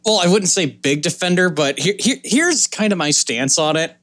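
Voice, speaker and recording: Man, podcast panelist, hedging, lively pitch, dry. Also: dry recording. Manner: measured, hedging. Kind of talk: casual podcast discussion.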